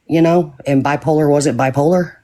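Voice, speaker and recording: A woman's voice: low-pitched, fairly even intonation, moderate pace, dark tone. A middle-aged woman and mother chatting casually, blunt and swearing freely. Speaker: mother in a group chat. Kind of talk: casual chat.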